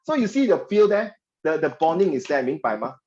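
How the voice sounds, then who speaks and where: Chatty Singaporean tutor, lo-fi audio. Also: male voice, a little high, very animated, fairly quick, darkish tone. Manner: chatty, joking, mixes local slang. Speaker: English tutor. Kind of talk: online class teaching. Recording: dull lo-fi audio.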